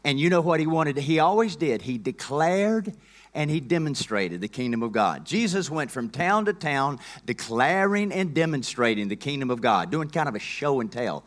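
A man's voice: a little high, lively intonation, normal speed. A man preaching a sermon in an earnest, folksy and emphatic way.

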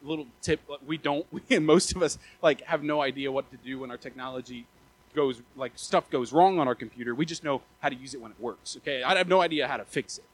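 Young pastor with a husky voice. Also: male voice, mid-range voice, quick pace, low-quality recording. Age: 20s. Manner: casual, animated preaching with frequent restarts and stammers. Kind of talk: sermon.

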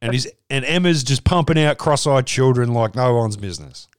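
An Australian man gives blunt, sweary opinions in a casual sports chat, at a mid pitch. His voice sounds dry and close, with no room around it. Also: lively intonation, brisk, smooth, no room sound. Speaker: podcast co-host.

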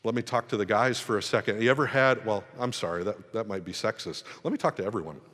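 A man preaching a sermon and telling a personal story, self-deprecating and getting animated when he retells it. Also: fairly low pitch, fast talker. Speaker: pastor. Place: church hall. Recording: long hall reverb.

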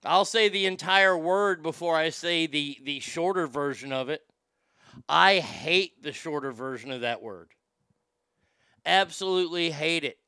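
A man's voice: a little high, a little slow, pushed and bright, smooth, no room sound, clean studio sound. Rambling Southern man hosting a show. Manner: rambling, profane, joking. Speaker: radio show host. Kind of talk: casual talk show.

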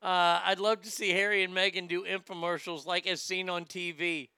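A man's voice: high voice, little pitch movement, normal speed, pushed and bright, clear, resonant tone, dry recording, studio quality. A man hosting a comedic rant, profane, mocking and rambling.

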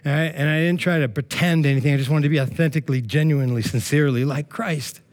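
High-voiced man preaching with jokes. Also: fast talker. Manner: lively, joking, conversational preaching. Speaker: pastor. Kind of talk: sermon.

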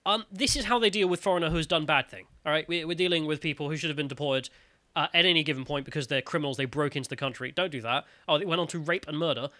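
A man's voice: fairly high pitch, quick pace, pushed and bright, no echo. A man co-hosting a podcast, giving sardonic, mocking commentary on news stories and sometimes putting on voices to quote people. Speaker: podcast co-host. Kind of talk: casual news commentary chat.

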